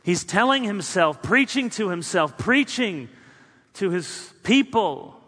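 A man preaching a sermon as a pastor, building through spoken lists and then dropping quiet for emphasis. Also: high voice, sing-song, takes it slowly, slightly rough. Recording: long hall reverb.

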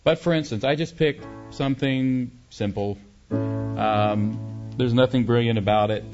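A man leads a songwriting workshop, talking through ideas in a mid-pitched voice and breaking into short sung examples. The recording is dull and lo-fi, with guitar playing clearly behind him. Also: a little slow, a little mellow. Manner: explains, then sings short melody examples.

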